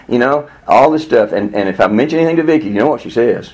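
Older male bible teacher, earnest and candid, lively swooping pitch, lots of restarts. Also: fast, hardly any pauses. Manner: earnest, candid, many restarts, rising to high exasperated voices when quoting himself. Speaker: Sunday school teacher.

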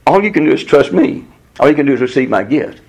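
A man teaching a Bible study in a lively, conversational way, often leaping high in pitch to voice God's replies. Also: fast talker. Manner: animated, jumps to a high voice when quoting God. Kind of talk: Bible teaching with class discussion.

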